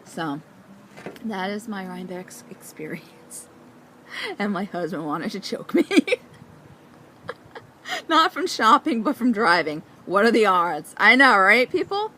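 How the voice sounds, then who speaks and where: Bubbly woman chatting about yarn on her vlog outside, mid-pitched, laughs a lot, bit of faint hiss behind. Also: slow pace, long pauses. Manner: bubbly and excitable, with frequent laughs. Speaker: knitting vlogger. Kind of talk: casual chat. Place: outdoors.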